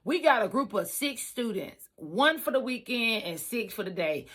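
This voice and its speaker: A woman trucker telling a story in a casual vlog, animated and emphatic, repeating lines for effect. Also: fairly high pitch, moderate pace. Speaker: trucker and trucking school staff.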